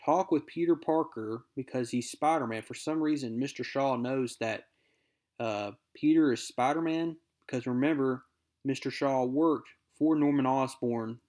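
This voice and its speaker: A young man talks through a comic book issue in a relaxed, upbeat recap. His voice sits at an ordinary middle pitch, and he reads character quotes aloud as he goes. The delivery is friendly and conversational. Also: moderate pace.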